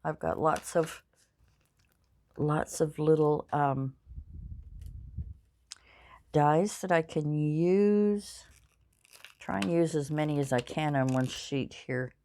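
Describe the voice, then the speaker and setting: An older woman talks through her crafting in a low, slow voice. She rambles in an easygoing way and pokes fun at herself. Her speech is full of fillers and restarts. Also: dark tone, a little hiss or hum. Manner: rambling, self-deprecating, many fillers. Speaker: crafting channel host. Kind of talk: casual crafting vlog chat.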